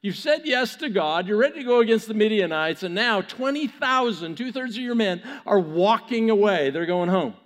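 A male pastor preaching a sermon, telling a story with animated, chuckling asides. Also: high voice, moderate pace, few pauses, in a large hall.

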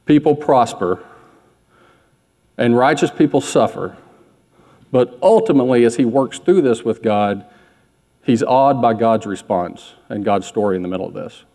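A man's voice: medium pitch, a little mellow. Man preaching casually in a reverberant hall. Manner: candid, self-deprecating, conversational preaching. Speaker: pastor. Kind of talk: sermon.

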